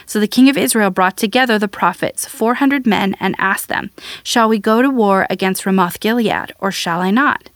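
A woman reading scripture aloud at a measured, even pace, as the regular reader of the show. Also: mid-range voice, no echo, clean studio sound. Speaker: Bible reader.

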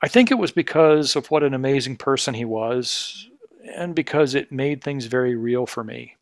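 A middle-aged man delivers a scripted podcast commentary, earnest and increasingly indignant. His voice sits at an ordinary pitch and is recorded close and dry, with no room sound around it. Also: lively intonation, normal speed, no room sound. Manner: earnest and indignant, building to pointed outrage. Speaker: podcast host, healthcare consultancy CEO.

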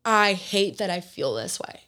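A woman with a raspy, hoarse voice worn down by illness hosts her own podcast. She speaks earnestly and openly in a loose, chatty way, leaning on casual fillers as she talks straight to her listeners. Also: medium pitch, very animated, unhurried, pushed and bright. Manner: earnest and open, lots of "like" fillers. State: hoarse from being sick. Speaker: podcast host. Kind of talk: casual solo podcast talk.

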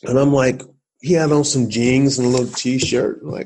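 A man from Ohio, a former football player, telling stories as an interview guest, animated and addressing listeners directly. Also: medium pitch, moderate pace, a little hiss or hum, rough recording. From Columbus, Ohio, USA. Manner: animated storyteller, acts out quotes, talks to the listener. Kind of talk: storytelling in a podcast interview.

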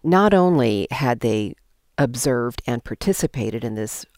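A woman's voice: a bass voice, a little slow, dry recording, clean studio sound. An older woman leading a Bible study discussion, telling stories expressively and guiding the group through scripture. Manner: expressive, animated storytelling with laughs.

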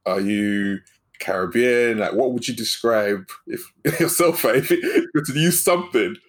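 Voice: mid-range voice, measured pace. An interview host asking a guest casual, curious questions.

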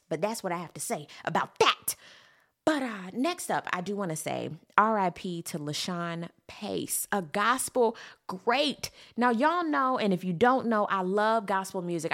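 Lively woman host talking straight to camera. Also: medium pitch. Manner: animated, talks straight to her audience with many asides. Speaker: commentary show host. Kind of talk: casual solo commentary.

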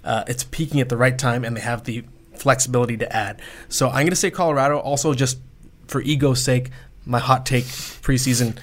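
On a casual sports podcast, this thirtysomething co-host shares strong opinions, often stopping to correct himself. He speaks a little fast in a mid-range voice with fairly even intonation.

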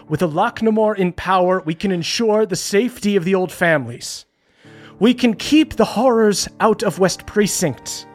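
A woman's voice: lowish voice, pitched above the performer's own voice. A woman voicing a pompous rich nobleman giving a grand, showy speech.

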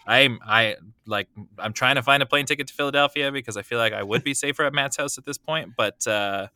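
A man co-hosting a podcast, chatting casually with a relaxed, rambling manner. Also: medium pitch, fairly quick, smooth, no room sound. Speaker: podcast co-host. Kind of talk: casual chat.

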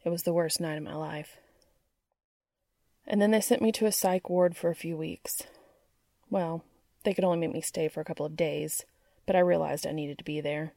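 A troubled, guarded man pushes through a halting, raw confession, as a woman reading the story voices him. His voice is low and gravelly, and the sound is dry and close. It stays near the reader's own voice. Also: fairly even intonation, warm tone, no echo. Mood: confessional.

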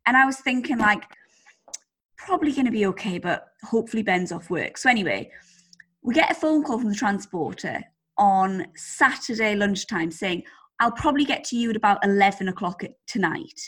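A woman chats on a podcast, spinning a rambling anecdote. Her voice is slightly husky and climbs and dips a lot, and she swears freely as she goes. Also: mid-range voice, moderate pace. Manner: animated storytelling with swearing. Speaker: podcast co-host. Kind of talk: casual chat.

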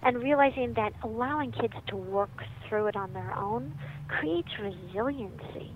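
A middle-aged woman, a psychiatrist and author, telling stories in a lively, animated way as a guest. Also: a little high, unhurried. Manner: lively, animated storyteller who laughs often. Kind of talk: storytelling in a conversation. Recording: muffled with faint background noise.

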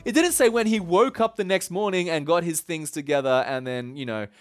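A man preaching a casual, lively sermon, telling a Bible story with enthusiasm. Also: a little high, brisk, faint music behind. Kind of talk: conversational sermon.

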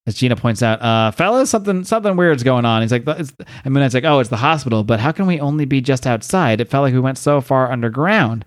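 A man hosting a comics podcast, casually recapping a story and acting out the dialogue in raised, excited voices. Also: quick pace, no echo, clean studio sound. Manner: acts out dialogue with high-pitched voices, swears casually. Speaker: podcast host.

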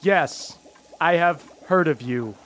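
A man's voice: a little high, expressive, fairly bright tone, a little hiss or hum. A man voicing a naive little clockwork robot. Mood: polite. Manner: slow, halting, overly literal. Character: small gnome-like clockwork robot, earnest, guileless.

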